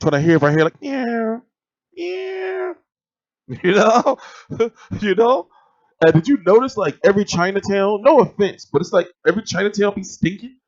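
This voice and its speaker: A man's voice: sits high, brisk, dry recording. A man telling a story in casual, profane, rambling vlog commentary. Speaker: boxing vlogger. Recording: dry, slightly dull lo-fi sound.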